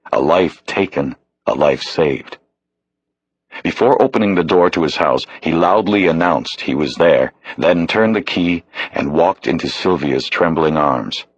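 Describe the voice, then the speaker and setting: Male audiobook narrator, steady, very low and husky, dry booth. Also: dry recording, rough recording. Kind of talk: scripted narration.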